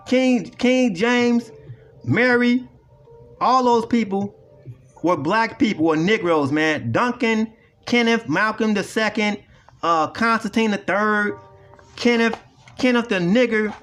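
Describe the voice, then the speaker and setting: A man's voice: high-pitched, slow, a bit bright, faint music behind. A man ranting in a video commentary, profane and repetitive as he lectures emphatically. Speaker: online commentator.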